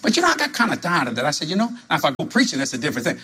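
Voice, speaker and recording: A man from New preaching a sermon full of stories, animated and laughing as he talks, jumping to high exclamations. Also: racing, slightly rough. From New Orleans.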